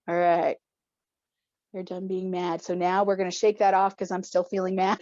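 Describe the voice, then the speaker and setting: A woman coach leading a stress-release exercise, playful and encouraging, laughing often and breaking into loud cheers. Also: fairly low pitch, completely flat delivery, moderate pace, dry recording, muffled recording. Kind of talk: guided group exercise instruction.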